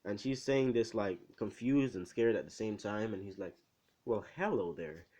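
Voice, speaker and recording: A man casually improvising a fan story, rambling with fillers and asides to the listener, in a low voice. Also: moderate pace, warm tone.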